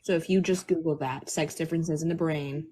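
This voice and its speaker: A woman's voice: sits low, steady tone, fairly quick, warm tone, a little hiss or hum. A woman co-hosting a live stream, chatting casually and playfully. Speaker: co-host. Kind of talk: casual chat.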